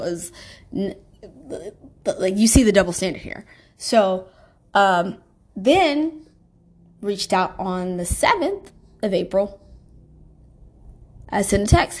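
A woman's voice: mid-range voice, darkish tone. A woman telling a personal story in a rambling, casual way, with many fillers and restarts and emphatic, indignant complaints.

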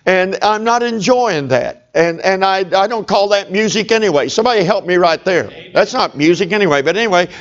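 A man's voice: sits high, a little fast, few pauses, lo-fi sound. A middle-aged male pastor telling a humorous personal story in a sermon, talking straight to his congregation. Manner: folksy, humorous, talks to the congregation.

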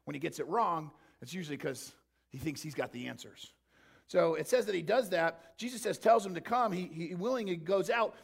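Lively male pastor, high gravelly voice, animated sermon delivery. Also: fairly quick. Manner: animated, acts out the disciples in playful voices.

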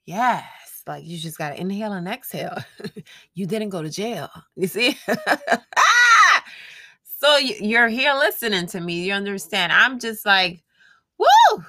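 A woman's voice: medium pitch, normal speed, bright, forceful tone, dry recording. A woman hosting her own show, giving a casual motivational monologue to her listeners, frank and profane, laughing often. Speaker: podcast host.

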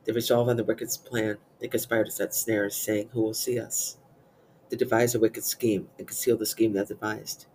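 Low-voiced man reciting liturgical prayers. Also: a little hiss or hum, poor audio. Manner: steady measured chanting-like recitation. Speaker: prayer reader.

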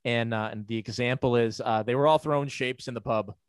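A man chatting casually on a podcast, rambling and halting, with lots of "like"s. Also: medium pitch, fairly even intonation, clear, resonant tone, no echo, studio quality. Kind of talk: casual chat.

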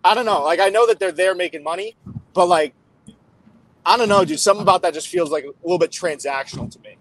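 A young man co-hosting a podcast in casual chat over a video call, joking loudly and padding his talk with "bro" and "like.". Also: high voice, no room sound, low-quality recording. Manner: fast, loud, joking, lots of "bro" and "like". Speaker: podcast co-host.

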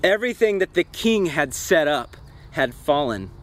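High-voiced man teaching a Bible study. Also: big pitch swings, moderate pace. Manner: earnest and reflective, asks listeners direct questions. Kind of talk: devotional Bible study talk. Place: outdoors by a campfire.

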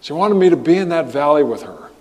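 Earnest pastor preaching in a reverberant hall. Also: male voice, on the high side, sing-song, darkish tone. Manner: earnest, halting preacher with repeated restarts. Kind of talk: sermon.

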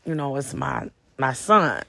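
A storyteller voicing a smooth-talking man on a dinner date, casual and boastful, with a gravelly edge. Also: mid-range voice, wildly swooping pitch, measured pace, sharp tone, voice pushed down, heavily acted.

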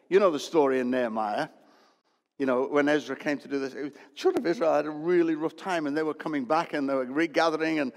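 A man, preaching a lively, joking sermon in a church. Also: fairly high pitch. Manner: lively, joking, loud bursts. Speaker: pastor. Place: church hall. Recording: long hall reverb.

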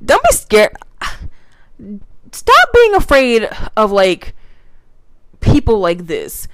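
A woman's voice: on the high side, slow pace, no room sound. A woman reading points aloud and ranting about them, swearing, laughing and acting out confrontations. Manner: animated, laughing, swearing, acts out mocking confrontations. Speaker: commentator reading and reacting. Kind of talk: profane ranting commentary.

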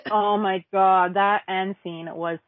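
A woman's voice: mid-range voice, steady tone, slow pace, no echo. A woman in casual chat about a cartoon, rambling along with lots of fillers. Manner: chatty, rambling with many fillers like "like". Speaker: podcast co-host. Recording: tinny phone-like line.

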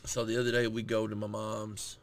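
A man in his thirties co-hosting a podcast, chatting casually with lots of slang and swearing, telling animated stories. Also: lowish voice, fairly quick. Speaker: podcast co-host. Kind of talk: casual chat.

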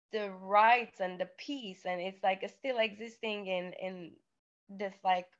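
A woman from Iran with a Persian accent, a guest in an interview, talking earnestly in a rambling way. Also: medium pitch. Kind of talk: casual interview talk. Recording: dull lo-fi audio.

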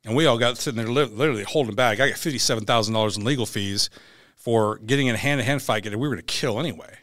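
In a podcast conversation, a former Navy SEAL bluntly tells war and court stories, acting out the other people's lines in quotes. His mid-range voice comes very fast, recorded with studio quality and no echo. It's candid, animated storytelling.

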